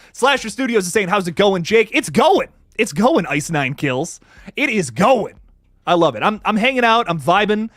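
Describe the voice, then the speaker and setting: A young man who hosts a horror movie channel, chatting casually and excitedly on a livestream, reading viewer comments aloud with lots of swearing and laughter. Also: high voice, moderate pace, dry recording, studio quality. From Ohio, USA. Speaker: YouTube horror channel host.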